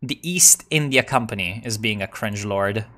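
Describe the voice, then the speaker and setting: A man giving casual commentary while playing a strategy game, excitable and profane, full of ironic meme slang. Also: lowish voice, moderate pace.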